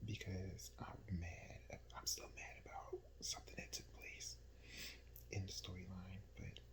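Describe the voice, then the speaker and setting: A man's voice: deep voice, little pitch movement, unhurried, rough recording. A man whispering through a late-night book vlog as a reviewer, repeating himself in exasperation. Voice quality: breathy whisper.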